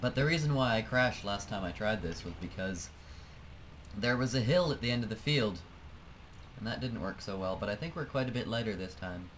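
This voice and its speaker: A man's voice: fairly low pitch, lively intonation, fairly quick, a bit bright, slight background noise, poor audio. A man giving casual, self-mocking commentary while playing a flight game, laughing often. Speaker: let's play gamer.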